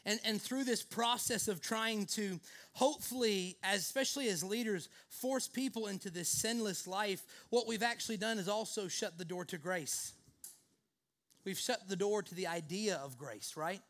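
A man's voice: sits high, normal speed, fairly bright tone. A male pastor preaching a sermon in an earnest way, leaning often on the word "actually".

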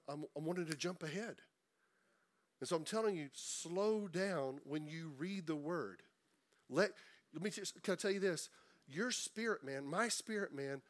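A middle-aged man preaching a sermon in a conversational way, repeating words and slowing down for emphasis. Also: a little high. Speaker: pastor.

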